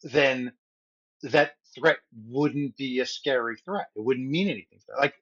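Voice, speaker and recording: A middle-aged man co-hosting a podcast, telling a long story in an animated, rambling way with lots of restarts. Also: mid-range voice, a little slow, husky, lo-fi sound. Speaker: podcast co-host. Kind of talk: casual storytelling chat.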